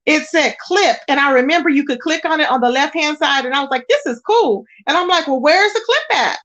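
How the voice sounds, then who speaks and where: A woman's voice: sits high, lively intonation, a little fast, a bit bright. A woman hosting a casual livestream, greeting viewers and chatting while she searches her screen. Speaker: livestream host.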